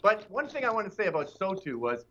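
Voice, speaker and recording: A man's voice: high voice, big pitch swings, quick pace, a bit bright, dull audio. A man talking as a guest in casual political banter, brash and mocking, who now and then slips into silly put-on voices.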